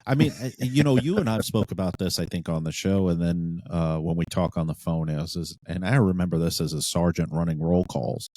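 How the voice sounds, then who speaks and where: A man's voice: deep voice, brisk, hardly any pauses, mellow, no echo. A man who was a police sergeant, co-hosting a podcast and telling blunt, profane stories about police work. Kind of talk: casual podcast chat.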